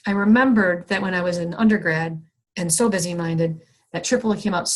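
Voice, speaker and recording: A young woman leads an online wellness session over a video call. Her voice sits at an average pitch, and her delivery is conversational and reflective, full of fillers and self-corrections as she works through a personal story. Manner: acts out her own past frustration with raised excited voice. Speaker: workshop facilitator.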